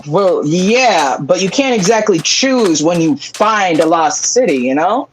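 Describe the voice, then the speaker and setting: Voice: mid-range voice, expressive, a little slow, background noise. Playful rambling streamer. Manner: playful, jokey, rambling with mock voices. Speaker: streamer, co-host. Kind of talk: casual chat while gaming.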